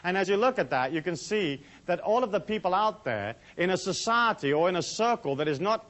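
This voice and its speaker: A man's voice: a little high, a bit bright. A man giving a casual lecture to a live audience, rambling and chatty with many asides. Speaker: seminar speaker.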